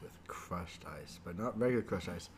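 A man's voice: sits low, normal speed, slight background noise. A man co-hosting a casual podcast, dry and contrarian in his teasing. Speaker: podcast co-host.

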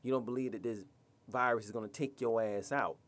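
Man, podcast host, blunt rant, profane, scolding, mid-pitched voice. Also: fairly even intonation, fairly quick.

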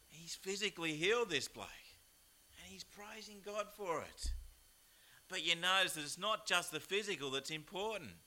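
A man with an Australian accent, preaching a chatty, animated sermon with plenty of rhetorical asides. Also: a little high. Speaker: pastor. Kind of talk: lively sermon.

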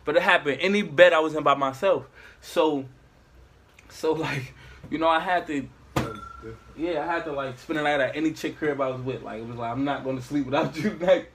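A man's voice: fairly high pitch, normal speed, fairly bright tone, slight background noise. A young man casually telling a rambling, slangy story to friends.

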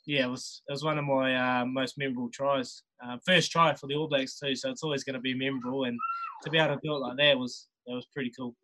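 A man in his thirties with a New Zealand accent, a rugby player appearing as a guest, tells stories in a casual chat. His medium-pitched voice stays fairly flat and moves quickly; he is laid-back, chuckles often, and restarts many sentences, all against a noisy background.

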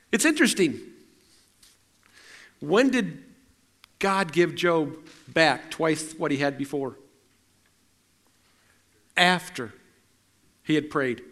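Addressing his congregation, a middle-aged preacher with a fairly high, slightly bright voice delivers a storytelling sermon. His manner is loose, conversational and self-deprecating, with frequent restarts of sentences.

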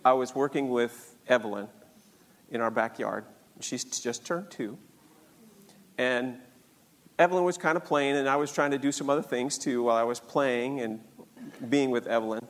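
A man's voice: mid-range voice, moderate pace, long pauses. An older man telling a personal faith story in an earnest, storytelling way. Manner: earnest, animated storytelling with acted-out voices. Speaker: speaker sharing a faith story. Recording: long hall reverb.

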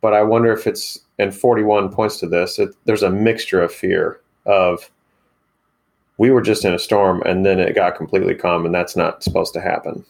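A man with a fairly low voice, talking casually. He thinks out loud tentatively, asking one question after another. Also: steady tone, moderate pace, vocal fry. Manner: tentative, wondering aloud, asks questions. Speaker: podcast co-host. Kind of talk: casual conversation.

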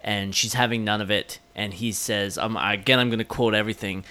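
A man's voice: lowish voice, fairly even intonation, a little fast, hardly any pauses, sharp tone, smooth. A man co-hosting a movie podcast, talking in an enthusiastic, casual way and swearing freely. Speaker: podcast co-host. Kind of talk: casual chat.

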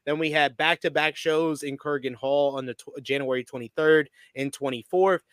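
A man co-hosting a casual wrestling podcast, talking fast and opinionated. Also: on the high side, fairly even intonation, a bit bright, no room sound. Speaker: podcast co-host.

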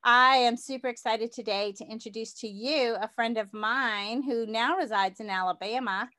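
Southern woman, podcast host, bubbly and upbeat, a bit high-voiced. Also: moderate pace, sharp tone. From Louisiana, US South. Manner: bubbly, enthusiastic, laughs often. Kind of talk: casual interview chat.

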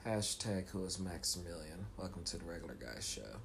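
A man hosting a show, telling a profane story with lively voices, shouting high when he acts out scenes, and turning calm and reflective later. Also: fairly quick, gravelly, noisy background. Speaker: comedian host. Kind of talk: stand-up storytelling.

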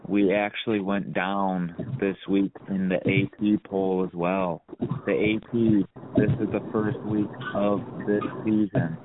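Male sports podcast co-host, lower voice, blunt and pumped, swears freely; phone-quality audio with audible hiss. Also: flat delivery, takes it slowly. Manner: blunt, hyped, swears often. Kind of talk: casual sports chat. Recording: tinny phone-like line with hiss.

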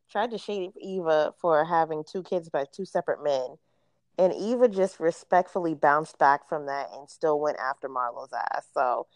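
A young woman co-hosting a podcast, sassy and blunt as she dishes on reality TV. Her voice is a little low for a woman, and the recording is close and dry. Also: dry recording. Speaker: podcast co-host. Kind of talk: casual chat.

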